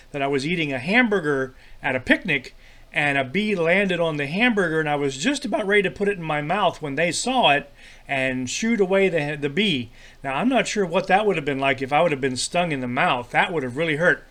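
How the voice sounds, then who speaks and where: A man teaching a children's devotional lesson in a friendly, halting way, full of fillers and repeated words. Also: fairly high pitch, fairly bright tone.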